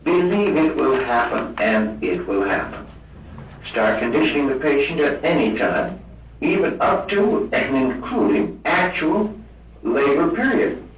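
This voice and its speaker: Emphatic male lecturer on an old recording. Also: medium pitch. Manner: lively, emphatic lecturing with drawn-out stressed words. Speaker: medical hypnosis instructor. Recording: old lo-fi roomy recording from a distance with hiss.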